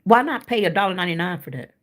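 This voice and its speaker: A woman's voice: on the low side, animated, very fast. A woman hosting a cooking livestream, chatting frankly with her viewers and sounding tired and winded. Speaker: cooking channel livestream host. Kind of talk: casual chat with viewers.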